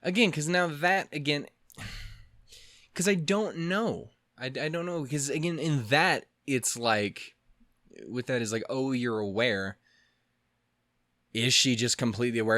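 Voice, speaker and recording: A man's voice: mid-range voice, fairly bright tone, no room sound, studio quality. A man hosting a let's play, joking sarcastically, rambling and swearing while he reads the game's dialogue. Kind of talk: casual game commentary and reading dialogue aloud.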